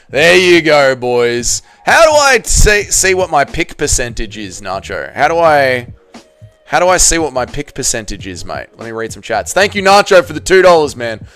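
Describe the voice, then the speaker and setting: A man's voice: medium pitch, sing-song, unhurried, fairly bright tone, soft background music. An Australian man hosting a casual livestream, reading out chat messages and talking bluntly with frequent swearing. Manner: blunt, swears often, reads chat aloud. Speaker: streamer host.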